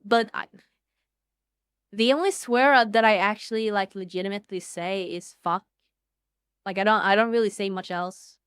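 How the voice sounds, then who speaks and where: Excitable swearing woman streamer. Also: medium pitch, moderate pace, pauses often, clean tone, dry recording, clean studio sound. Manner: swears a lot, excitable, jumps between loud outbursts and mumbling. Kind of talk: casual livestream chat.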